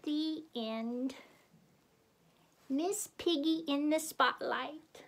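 A woman reads a children's picture book aloud in a cheerful, friendly way. Her voice is high and she takes her time with the words. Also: expressive, drawn-out words, long pauses. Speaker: storybook reader.

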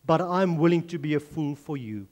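A man's voice: fairly high pitch, expressive, moderate pace, a little mellow, close to an everyday voice. A man with a South African accent voicing a nervous man who feels foolish while praying, in a sermon story. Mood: uneasy. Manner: uneasy, self-conscious pleading.

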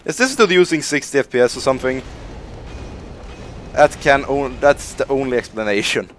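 A man's voice: mid-range voice, animated, moderate pace, pauses often. A young man streaming a game, rambling through live commentary with lots of laughter and swearing. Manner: rambling, self-mocking, laughs and swears a lot. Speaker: gaming streamer.

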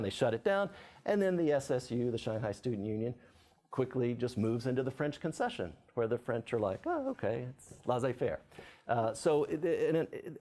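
A man lecturing on his book in a mid-pitched voice, speaking in a halting way, with frequent fillers and restarts. His voice lifts a little whenever he reads a quoted passage aloud. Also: darkish tone. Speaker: author and lecturer. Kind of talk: academic book talk.

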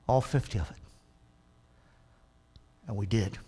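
High-voiced baptist-style preacher guy, punchy, keeps asking the church to answer back, drags out bible verses slow. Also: expressive, fairly bright tone. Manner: emphatic, call-and-response with the congregation; slows right down to stress scripture. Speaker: pastor. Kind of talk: sermon.

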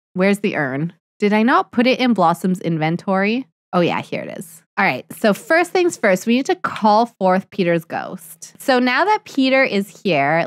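A young woman talks through her life-sim game in a chatty, thinking-out-loud way, now and then slipping into lines for her characters. Her voice sits at an ordinary middle pitch. The sound is dry and close, with no room around it. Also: no echo. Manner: chatty, excitable, voices her sims in asides. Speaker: let's play streamer. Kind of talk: casual gameplay commentary.

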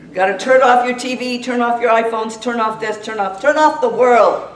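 A woman preaching a sermon in a fervent manner, her storytelling rising into shouted prayer. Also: on the high side, moderate pace. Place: church sanctuary. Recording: roomy church sound from a distance.

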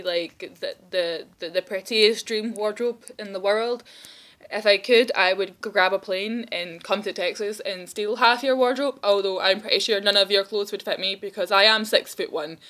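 Excitable rambling woman, bright voice. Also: medium pitch. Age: 30s. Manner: rambling, excitable, self-mocking. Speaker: vlogger. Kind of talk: casual video message. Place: indoors at home, seated.

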